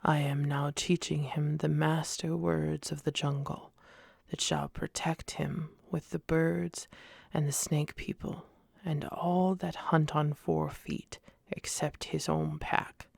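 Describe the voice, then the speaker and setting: A kindly old bear teacher, as a woman reads him aloud in a whispered role-play. The voice is gravelly and very slow, drawn out and a bit fuller than the narration. It stays close and dry on the mic. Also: low-pitched, level tone, darkish tone, no echo, full character voice. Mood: earnest. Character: old brown male bear teacher, earnest and tender.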